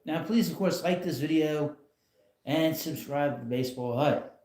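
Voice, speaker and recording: Man, fairly high voice, rambling blunt live-stream chat, echoey room. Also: measured pace, darkish tone. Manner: rambling, blunt, chuckles often. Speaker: channel host. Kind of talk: casual live-stream commentary. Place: home, in a rocking chair.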